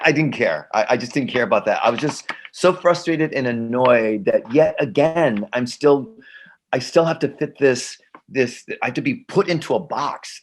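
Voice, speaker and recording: Animated middle-aged male actor, storytelling. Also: medium pitch, a little hiss or hum. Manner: animated, repeats himself, acts out quoted dialogue. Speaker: actor, guest. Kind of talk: conversational storytelling.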